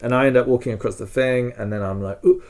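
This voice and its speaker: A man's voice: mid-range voice, steady tone, quick pace, crowd noise. A man co-hosting a podcast, telling a story in a rambling, emotional way with many fillers. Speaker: podcast co-host.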